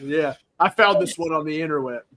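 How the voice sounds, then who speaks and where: A man's voice: a little high, a little fast, bright, forceful tone. A man hosting a casual football podcast, playfully spinning joking hypotheticals and laughing often. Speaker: podcast host. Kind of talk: casual sports talk.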